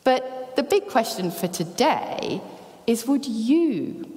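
A woman preaching a sermon, telling the story lively and acting out the voices. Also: on the high side, slow pace. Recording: long church reverb.

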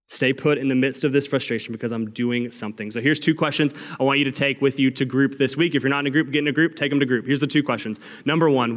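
Young male pastor, mid-pitched voice, sermon storytelling, long hall reverb. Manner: storytelling, rising to loud acted cries.

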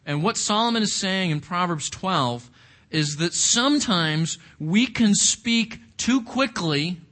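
Slow, bright-voiced male Bible study leader. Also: sits high. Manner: reflective, asks the group questions, repeats words. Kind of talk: interactive Bible study teaching.

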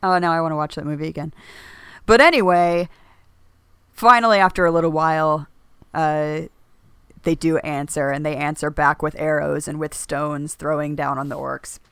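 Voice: mid-range voice, fairly even intonation, moderate pace, a bit bright, clear, resonant tone, no echo, studio quality. A podcast co-host talking casually about a book, rambling with lots of fillers and restarts.

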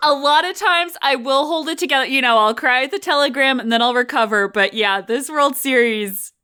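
A woman hosts a podcast in easy, chatty conversation, often laughing as she talks. Her voice sits a touch high for a woman and has a bright, forceful edge. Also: fairly quick, clear, resonant tone. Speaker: podcast host. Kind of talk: casual chat.

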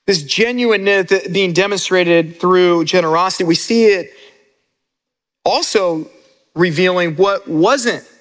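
Pastor guy preaching, kinda high voice, chatty, stumbles and repeats words, big hall reverb. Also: a bit bright. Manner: conversational, repeats words when building a point. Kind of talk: sermon.

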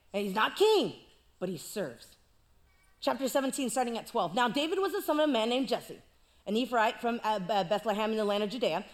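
Playful woman preacher, high lively voice, joking sermon delivery. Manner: playful, animated storytelling with jokes.

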